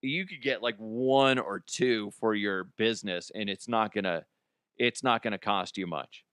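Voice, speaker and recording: A man hosting a podcast, telling work stories in a casual, profane, animated way and laughing at himself. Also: lowish voice, measured pace, smooth, no room sound, studio quality. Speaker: podcast host. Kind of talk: casual storytelling monologue.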